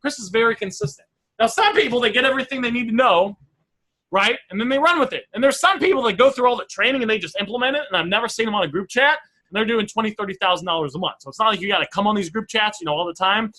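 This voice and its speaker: A man coaching a training group through a live online session, energetic and reading out sample messages. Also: high voice, fast, low-quality recording.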